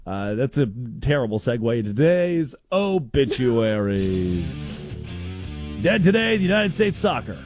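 A man hosting a casual, comedic sports talk show, telling stories with quick asides. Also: medium pitch, soft background music. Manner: animated storytelling with quick asides. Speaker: sports radio host.

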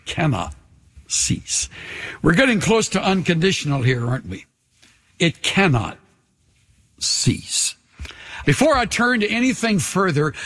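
Husky older man preaching in a hall. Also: a little high. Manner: earnest, slows and drops to a hush on key lines. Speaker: pastor. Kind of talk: sermon. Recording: long reverb of a large hall.

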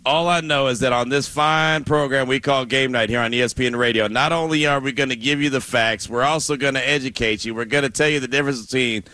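Bright, upbeat man sports radio co-host. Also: medium pitch, fast talker, few pauses, no room sound. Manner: animated, joking, conversational. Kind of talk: casual sports radio banter.

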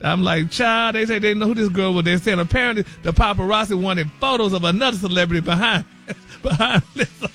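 A man's voice: sits high, fairly quick, a bit bright. A man delivering a sassy celebrity gossip segment on a radio morning show, calling everyone honey and baby and laughing often. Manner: flamboyant, sassy, laughs a lot, calls people honey and baby.

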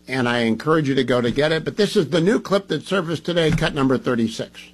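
A man's voice: a little high, quick pace, rough recording. Man, talk radio host, opinionated monologue, emphatic, groggy. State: groggy from medication.

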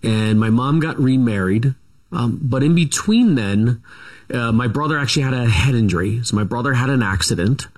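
A man's voice: mid-range voice, expressive, moderate pace. A middle-aged man, a guest author in an interview, recounts his family history casually, with many fillers, restarts and self-corrections.

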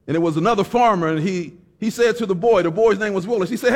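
A man preaching a sermon, folksy and fervent, breaking into shouted exhortations and wry stories. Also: high-pitched, fast, hardly any pauses. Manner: storytelling with folksy humor.

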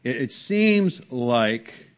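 A male pastor delivers a sermon in a church sanctuary. His voice sits in an ordinary middle pitch, earnest and conversational, climbing in emphasis and then falling to a hushed, drawn-out close. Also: very animated. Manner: earnest preaching with strong rises and hushed drops.

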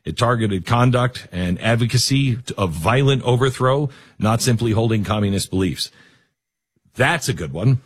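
A man hosting a call-in talk radio show, talking in a measured, deliberate way and then taking callers. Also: mid-range voice, expressive, slightly rough, dry recording.

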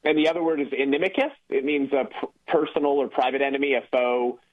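A man's voice: medium pitch, fast. A man calling in as a guest on a radio talk show, explaining at length with frequent fillers. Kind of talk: casual radio conversation. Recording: tinny phone line.

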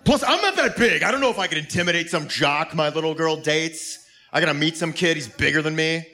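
Male stand-up comedian, animated, higher voice, bright tone. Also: brisk. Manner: animated, acts out scenes.

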